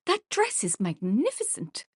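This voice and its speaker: A woman's voice: a little high, huge pitch swings, measured pace, slightly rough, no echo, studio quality, pitched above the performer's own voice, exaggerated voice. A woman doing an ironic young granddaughter. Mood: admiring.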